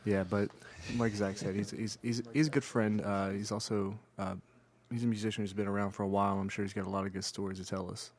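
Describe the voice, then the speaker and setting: A man co-hosting a podcast, teasing his guest and speaking in halting restarts. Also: on the low side, flat delivery. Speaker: podcast co-host. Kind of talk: casual podcast chat.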